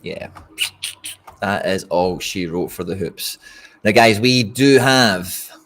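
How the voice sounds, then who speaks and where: Low-pitched and slow, with a fairly bright tone, this Scottish man commentates on a football match for his stream audience. He's a fan running a watch-along, and his remarks are casual, frustrated and blunt, aimed straight at viewers.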